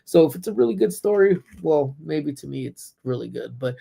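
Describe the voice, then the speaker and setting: Gravelly-voiced man rambling on a livestream. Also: fairly high pitch, animated, normal speed, warm tone. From Southern California. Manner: rambling storyteller with many ums, blunt and profane when annoyed. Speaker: livestream host. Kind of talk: casual live-stream chat, reading chat comments aloud. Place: parked car.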